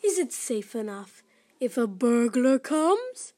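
A woman voicing a creepy announcer in a television commercial, speaking slowly in a low, ominous half-whisper. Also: sing-song, a little mellow, heavily acted.

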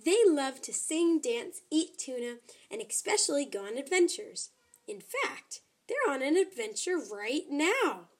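A woman narrating a children's story in an expressive, animated way. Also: sits high, a little slow.

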